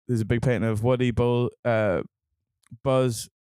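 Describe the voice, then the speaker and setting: A young man hosting a casual podcast chat, playful, laughing often and filling pauses with ums. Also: medium pitch, fairly even intonation, darkish tone, clear, resonant tone, dry recording, clean studio sound. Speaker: podcast host.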